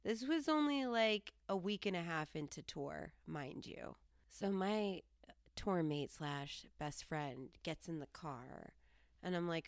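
A woman from Colorado telling a story casually as a podcast host, jumping up in pitch when she quotes herself. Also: takes it slowly, dry recording, studio quality. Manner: lively, jumps high when quoting herself.

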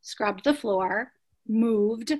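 Energetic woman telling a founder's story. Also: on the high side, drawn-out words. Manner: energetic, emphatic, many rhetorical questions. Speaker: prenatal yoga studio founder. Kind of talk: interview storytelling.

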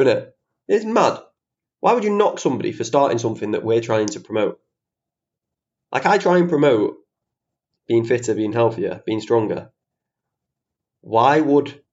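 A man's voice: mid-range voice, a little mellow. Ranty man, slightly lo-fi. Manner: chatty, ranty, swears casually, self-mocking. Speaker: podcast host. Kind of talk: casual solo podcast monologue. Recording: slightly dull lo-fi podcast audio.

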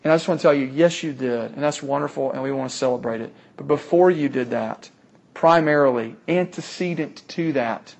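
A man's voice: mid-range voice, brisk, creaky, darkish tone. A man preaching a sermon, earnest and emphatic, often repeating key phrases for weight.

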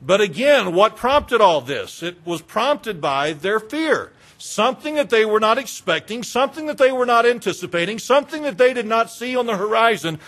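High-voiced man preaching a dynamic sermon. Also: very animated, normal speed, few pauses. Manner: dynamic preaching that swings between loud and hushed; dramatic retelling with repetition. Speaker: pastor.

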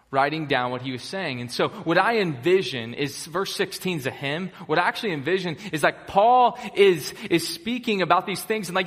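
A man's voice: on the high side, a bit bright. A young American man preaching a sermon as pastor, casual, chatty and enthusiastic with lots of fillers. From United States. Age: young adult. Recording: long reverb of a large hall.

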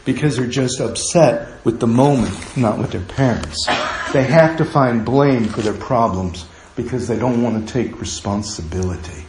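A man's voice: mid-range voice, normal speed, darkish tone, slight background noise. A man preaching a sermon in a humorous, conversational way, acting out quotes from the people in his story. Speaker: pastor. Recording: echoey room.

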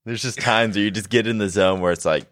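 A man's voice: on the low side, quick pace, no echo, clean studio sound. A young man co-hosting a health podcast, chatting casually and joking, laughing often. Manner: animated, laughs often, jokey. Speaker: podcast co-host, health coach.

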